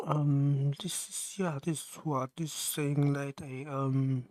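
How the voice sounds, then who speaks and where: A man talks himself through his work on a live stream, mumbling and stopping to question himself. He speaks slowly, at a middling pitch. His voice is close and dry, with no room sound. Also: steady tone, a little mellow, no room sound. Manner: mumbling, halting and self-questioning. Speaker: livestreamer. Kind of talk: thinking aloud while programming.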